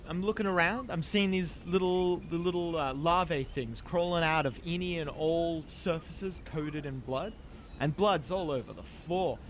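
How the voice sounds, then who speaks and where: High-voiced excitable man at the table. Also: slight background noise. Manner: animated, rambling, excitable. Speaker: player. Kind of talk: in-character tabletop play.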